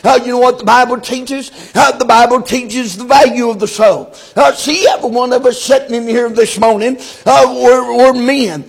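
A man preaching a sermon, in a chanting cadence full of "uh" fillers, sometimes shouting. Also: very high-pitched, fairly even intonation, normal speed, vocal fry, few pauses, husky.

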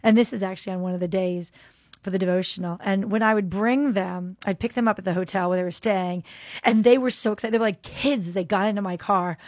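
Animated woman telling a faith story. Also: mid-range voice, a little fast, dry recording. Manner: softens into quiet, earnest prayer. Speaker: faith podcast host. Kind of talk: devotional storytelling and prayer.

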